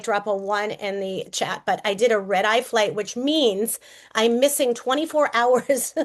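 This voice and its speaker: A middle-aged woman with a slight cold hosting a group call, chatty and speaking straight to her listeners. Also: a little high. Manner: chatty, addresses the audience directly. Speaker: host of a recruiting call. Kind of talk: upbeat presentation on a group call.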